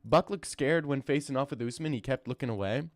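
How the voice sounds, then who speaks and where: A man's voice: medium pitch, a little fast, no room sound. A young man streaming and answering his chat in a joking, stammering banter, recorded close and dry. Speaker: streamer reacting to fight news and chat. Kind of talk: casual live-stream chat.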